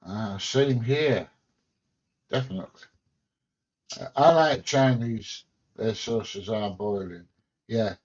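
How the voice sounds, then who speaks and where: A man's voice: fairly low pitch, takes it slowly, pauses often, a little mellow. An English man hosting a livestream from home, chatting casually and bluntly as he reads viewer comments, joking and swearing mildly. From England. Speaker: livestream host. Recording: dull lo-fi stream audio.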